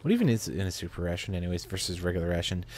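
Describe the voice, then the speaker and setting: A man's voice: low voice, lively intonation, racing, darkish tone. A man giving chatty, rambling commentary while he plays a video game, often talking to himself. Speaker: gamer. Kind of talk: let's play commentary.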